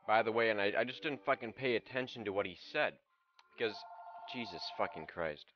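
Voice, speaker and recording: A man's voice: fairly low pitch, expressive, fairly quick, lo-fi sound, background noise. A young man streaming a game, ranting in a profane, casual way as he plays. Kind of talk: casual gameplay commentary.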